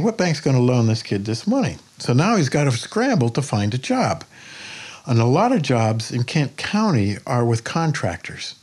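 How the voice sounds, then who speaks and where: An older man, a painter, talking in a podcast interview as a plainspoken, lively storyteller who swears freely. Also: fairly low pitch. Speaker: painter guest.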